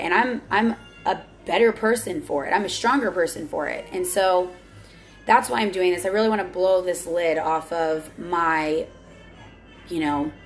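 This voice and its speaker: A young woman talking candidly on her vlog, earnest and confessional, often restarting her sentences. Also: fairly low pitch. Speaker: vlogger. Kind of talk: candid personal vlog talk.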